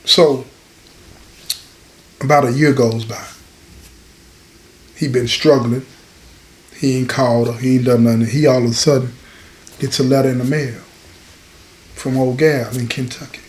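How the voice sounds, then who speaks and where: A man's voice: mid-range voice, fairly even intonation, unhurried, pauses often, echoey room. A man telling listeners a prison story, talking to them directly and repeating phrases for effect. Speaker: storyteller host.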